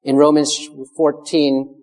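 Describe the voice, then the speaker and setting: A man preaching an expository sermon, measured and emphatic, stressing key words as he works through scripture. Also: a little high, flat delivery, darkish tone. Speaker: pastor. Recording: long hall reverb.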